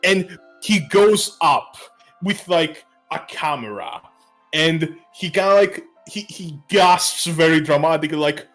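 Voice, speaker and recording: A man's voice: fairly high pitch, lively intonation, unhurried, a bit bright, faint music behind. A man narrating as game master of a tabletop game, laid-back and joking.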